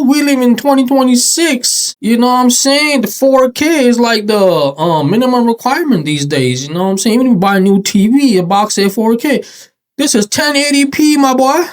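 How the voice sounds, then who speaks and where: A man's voice: extremely high pitch, normal speed. A man hosting a reaction video, talking in a slangy, teasing and mocking way. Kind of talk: casual reaction commentary.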